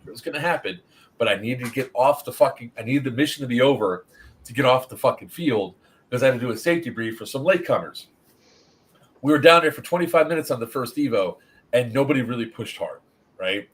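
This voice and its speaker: A man hosts a relaxed stream, recounting an event with plenty of profanity. His pitch rises and falls a lot as he talks, at an average middle height. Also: fast talker. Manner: animated, swears freely, storytelling. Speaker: event organizer hosting a review stream. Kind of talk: casual stream chat.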